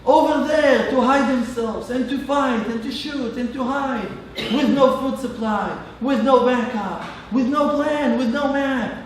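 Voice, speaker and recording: Rabbi guy preaching, high voice, long rhythmic lists, far from the mic in a big echoey hall. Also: unhurried, a little hiss or hum. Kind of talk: sermon.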